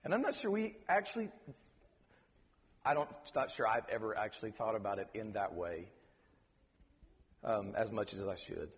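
A man preaching a sermon, earnest and halting, often repeating words as he searches for them. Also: lowish voice, animated, in a large hall. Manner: preacher quoting scripture in reverent tones. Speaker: pastor.

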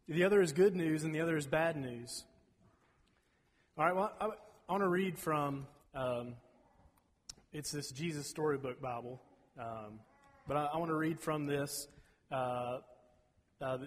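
A man in his thirties preaching a sermon, folksy and rambling, clearing his throat between asides. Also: on the high side, measured pace, pauses often. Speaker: pastor. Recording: reverberant hall.

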